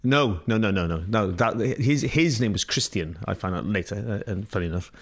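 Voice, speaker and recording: Scottish man, middle-aged, low voice, rambling and laughing, interview guest. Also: brisk. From Scotland. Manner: rambling, laughs often, many restarts and fillers. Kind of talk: casual storytelling.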